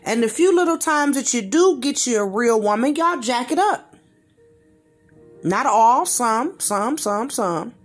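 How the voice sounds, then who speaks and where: A woman's voice: a little high, lively intonation, unhurried, faint music behind. A woman giving a blunt reaction rant in slangy, informal speech, repeating phrases for emphasis. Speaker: commentator reacting to a video.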